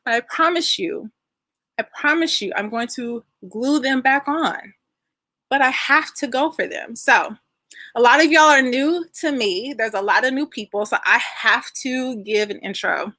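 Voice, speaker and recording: A woman's voice: high-pitched, a little slow, pushed and bright, no room sound. A woman in her thirties hosting an online class livestream, chatting with viewers in a bubbly, effusive way and greeting them by name. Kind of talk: casual livestream chat with viewers.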